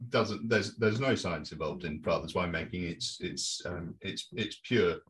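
A man who is a winemaker, co-hosting a casual podcast, talking in halting starts and repeats. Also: deep voice, fairly bright tone, recorded from a distance. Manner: halting, repeats words, tangential. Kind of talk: casual chat.

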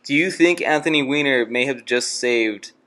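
A young man asks interview questions for a student club, hesitant and filling his pauses with "uh". His voice has a mid pitch, and his delivery stays unhurried. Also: fairly bright tone. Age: young adult. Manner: hesitant, with many fillers.

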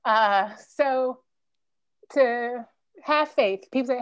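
A woman's voice: high voice, takes it slowly, no echo. A middle-aged woman speaking earnestly and emotionally as a podcast guest. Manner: earnest, emotional, faith-driven storytelling. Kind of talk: candid interview conversation.

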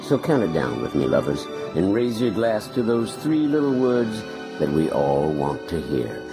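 An actor playing a smooth late-night radio DJ, speaking slowly and seductively in a film clip. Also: male voice, low-pitched, big pitch swings. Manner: slow, seductive radio patter. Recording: film clip with music behind.

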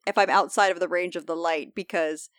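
A woman's voice: fairly low pitch, steady tone, brisk, fairly bright tone, no echo, clean studio sound. A woman playing a tabletop role-playing game, bantering playfully and describing her character's moves. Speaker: player. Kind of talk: casual tabletop game play.

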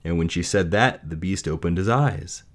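A man reading a fairy tale aloud and then reflecting on its lessons, in a measured, gentle way. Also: deep voice. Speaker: storyteller.

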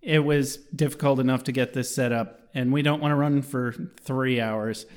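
A man's voice: mid-range voice, fairly even intonation, normal speed, a little mellow, smooth. A man co-hosting a podcast in casual chat, joking, laughing often and reading listener reviews aloud. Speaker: podcast co-host.

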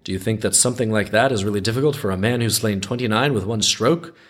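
A man's voice: on the low side, quick pace, lightly acted. A man voicing a boastful, cunning little tailor in a folk tale, speaking in a smug, bragging way.

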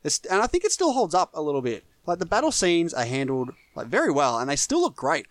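A man's voice: on the high side, huge pitch swings, fast talker, dry recording. An Australian man co-hosting a casual film review podcast, chatty and joking. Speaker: podcast co-host.

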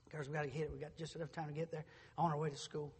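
A middle-aged male pastor preaching a sermon in a church, moving from quiet storytelling to shouted preaching. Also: fairly high pitch, little pitch movement, very fast, long reverb tail. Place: church sanctuary.

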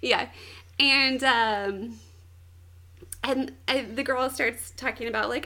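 A woman's voice: on the high side, slow, pauses often. A young woman in casual chat, animatedly recapping an anime plot with lots of "like" and giggles. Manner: animated storytelling, frequent "like", giggly.

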